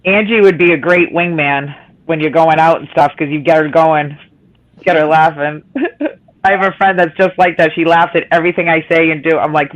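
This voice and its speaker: A woman's voice: sits low, fairly even intonation, moderate pace, lo-fi sound. A woman hosting a casual chat, teasing and laughing as she talks.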